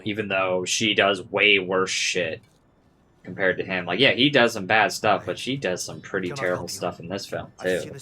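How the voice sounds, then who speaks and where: A man's voice: deep voice, normal speed, sharp tone, slight background noise. A man casually reviewing a film, rambling and sarcastic, with lots of swearing.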